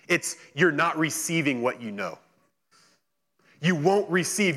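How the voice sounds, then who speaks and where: A male pastor preaching a sermon, reading scripture and then retelling it in lively, casual speech. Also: fairly high pitch.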